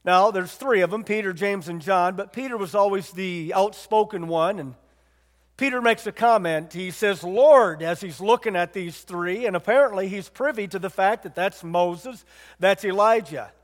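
In a large hall, a high-voiced man delivers a sermon at a moderate pace. He keeps it conversational, recounting a Bible story and putting questions to his listeners.

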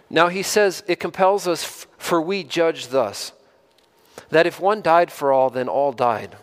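Earnest pastor with a slightly high voice. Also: male voice. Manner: conversational preaching, repeats words, rises to emphatic stress; asks the listeners direct questions. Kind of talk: sermon.

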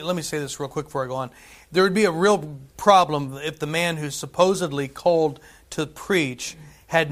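A man preaching a sermon in a conversational way, often checking in with "right?" and dropping from loud to hushed. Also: on the high side. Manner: conversational, frequent "right?" asides, swings between loud and hushed.

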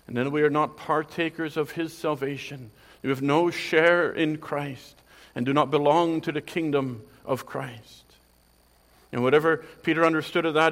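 A man's voice: mid-range voice, in a large hall. A man preaching a sermon, earnest and emphatic, often restarting his phrases as he explains scripture. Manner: earnest, with frequent restarts and emphatic quoted lines.

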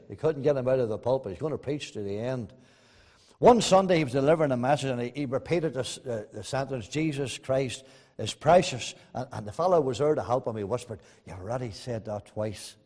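A man preaching a sermon, swinging between loud emphatic bursts and soft, hushed asides. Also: medium pitch. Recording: long reverb in a hall.

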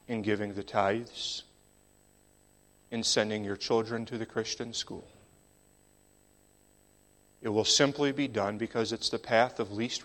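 A man delivering a sermon at a slow, deliberate pace. His preaching is measured and emphatic, rising for stress and then sinking low, almost to a whisper, on key words. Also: fairly bright tone.

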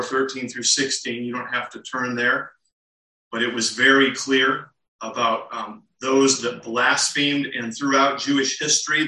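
A man's voice: mid-range voice, pushed and bright. A man preaching an expository sermon in a church, asking rhetorical questions and acting out the quotes he reads. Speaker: pastor. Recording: echoey room, mic at a distance.

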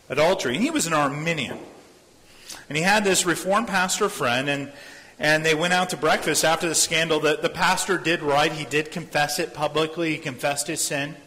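Earnest preacher in a reverberant hall. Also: male voice, a little high, pushed and bright. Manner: earnest, repeats phrases, acts out quoted voices. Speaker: pastor. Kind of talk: sermon.

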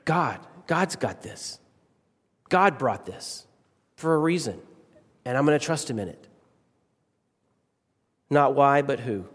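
Speaking slowly with frequent pauses, a middle-aged pastor delivers an expressive sermon in a mid-range voice. He is emphatic, repeats key phrases, and changes pace and volume, all under the long reverb of a church hall.

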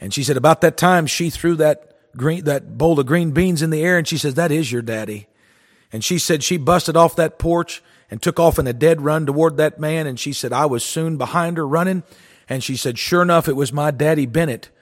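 A man preaching a sermon, his voice a little higher than most men's. He tells stories in a folksy, earnest way, and his voice rings out with a long reverb as if in a large hall. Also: fairly quick.

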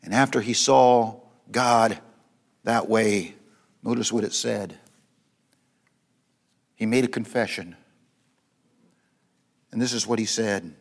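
A man preaching a sermon, rising to loud, high repetitions and dropping to soft, low passages, often restarting his phrases. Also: slow, vocal fry, pauses often. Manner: repeats words and restarts phrases.

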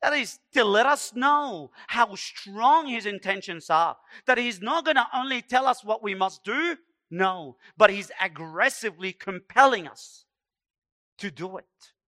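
Male preacher with a raised, bright tone; slow, pleading, emphatic sermon. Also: sits high, lively intonation. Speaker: pastor.

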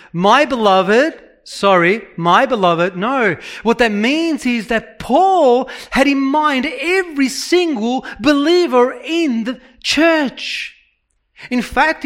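A man's voice: high voice, a bit bright. A man preaching a sermon in an earnest, emphatic way, repeating phrases for stress.

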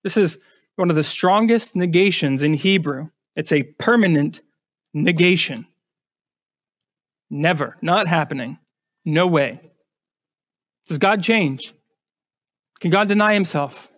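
Pastor guy with a high voice, emphatic sermon, lots of rhetorical questions, stumbles and repeats words. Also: takes it slowly, pauses often, a bit bright. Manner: repeats words when starting a phrase.

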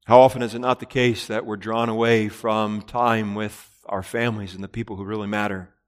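A man's voice: fairly low pitch, little pitch movement, brisk, clean tone, long reverb tail. A man preaching a sermon in an earnest, emphatic way, with repeated phrases and rhetorical questions. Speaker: pastor.

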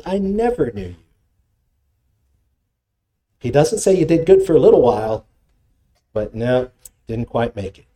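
A man preaching a sermon, with animated delivery and scripture quotations. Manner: animated preaching, dramatic pitch swings, reads scripture quotes. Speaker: pastor.

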